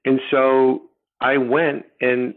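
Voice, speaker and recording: A middle-aged man telling his personal story as a podcast guest, rambling and halting with many restarts. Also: mid-range voice, level tone. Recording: tinny phone line.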